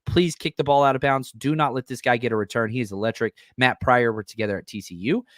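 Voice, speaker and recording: Excitable man hosting a dry podcast. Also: mid-range voice, quick pace, no room sound. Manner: enthusiastic, excitable, loose with fillers. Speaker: podcast host. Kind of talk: casual sports podcast talk.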